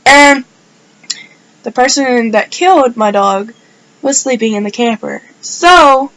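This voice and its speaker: A woman's voice: sits high, lively intonation, slow pace, fairly bright tone, poor audio. A woman telling a personal story in a casual vlog, rambling and filling her speech with "like". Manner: rambling, filler-heavy storytelling with many "like"s. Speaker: vlogger.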